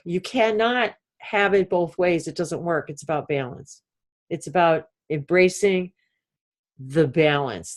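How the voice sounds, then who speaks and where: A woman hosting a casual spiritual chat, rambling and laughing, often poking fun at herself. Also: lowish voice. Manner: animated, laughing, self-mocking rambles. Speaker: spiritual talk host. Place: outdoors with birds overhead.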